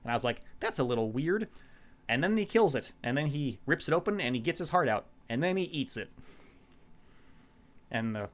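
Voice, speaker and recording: A man in casual chat, recapping a show in a rambling, profane way and quoting the characters in quick voices. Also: a little high, expressive.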